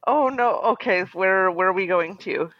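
A woman's voice: medium pitch, moderate pace, a bit bright, no room sound, dull audio. A woman co-hosting a podcast, chatting casually and laughing easily. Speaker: podcast co-host. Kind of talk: casual chat.

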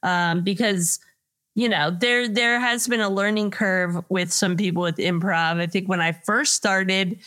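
A woman's voice: medium pitch, steady tone, a little slow, fairly bright tone. A woman guest who teaches improv classes, explaining her view thoughtfully in casual chat.

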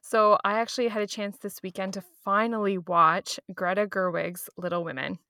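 A woman's voice: medium pitch, steady tone, moderate pace, pushed and bright, no room sound, clean studio sound. Affirming woman podcast co-host. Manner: responsive, frequent affirming murmurs, laughs easily. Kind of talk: casual chat.

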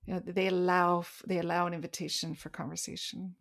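A woman co-hosting a podcast in casual chat, telling stories animatedly and slowing down to stress key words. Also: fairly low pitch, creaky. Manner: animated storytelling, slows down for emphasis. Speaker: podcast co-host.

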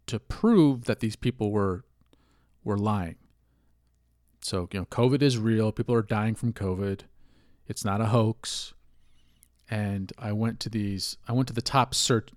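A man's voice: lowish voice, darkish tone, no room sound, clean studio sound. A man hosting a casual solo podcast, rambling candidly, swearing freely and laughing at himself. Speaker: podcast host.

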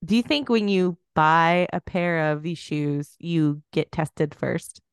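A young adult woman co-hosting a podcast, wry and teasing in a deliberate casual chat. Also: low voice, steady tone, smooth, no room sound, studio quality. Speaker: podcast co-host.

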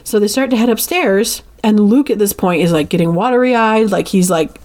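A woman's voice: medium pitch, normal speed. A woman co-hosting a podcast, retelling a movie plot in a loose, chatty way full of "like" and acted-out lines. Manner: animated retelling with lots of "like", acting out characters' lines. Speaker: podcast co-host. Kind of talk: casual movie recap.

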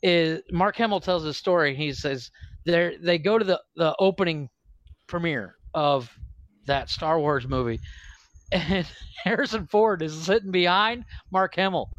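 On his podcast, a man with a slightly high, bright voice tells a story at an unhurried pace, rambling, swearing freely, and laughing often. The lo-fi recording has no room sound, and the talk is casual, profane chat.

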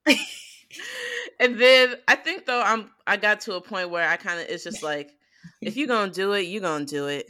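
A woman's voice: medium pitch, normal speed, sharp tone. A woman co-hosting a podcast in casual chat, laid-back and teasing. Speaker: podcast co-host.

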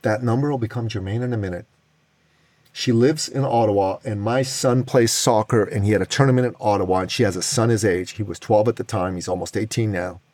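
A man's voice: fairly low pitch, fairly quick, a little mellow, no room sound. Middle-aged guy hyping up a success story, punchy and dramatic, dry close sound. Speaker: podcast host. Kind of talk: motivational storytelling monologue.

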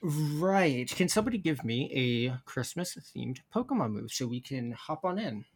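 A man narrating a tabletop role-playing game as game master, chatty and rambling, with soft music behind him. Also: medium pitch, big pitch swings, normal speed, husky. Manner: chatty, rambling, restarts sentences.

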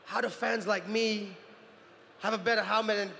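A man's voice: sits high, level tone, moderate pace, creaky, bright, forceful tone, big-room sound, a little hiss or hum, full character voice. A man doing a tipsy, laid-back bro fan. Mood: excited. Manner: slangy, easygoing.

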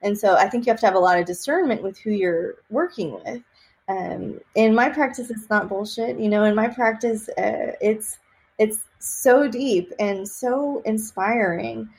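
A woman from Texas, a psychic medium, chatting in an interview and telling lively stories with many fillers and laughs. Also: medium pitch, unhurried. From Austin, Texas. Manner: animated storyteller, laughs often, many fillers. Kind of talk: casual interview chat.

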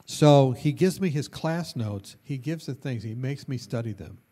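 A man preaching a sermon who tells stories with animation. His voice sits at an ordinary middle pitch and jumps to loud bursts at the high points, with laughter along the way. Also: animated, normal speed. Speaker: pastor. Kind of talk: storytelling sermon.

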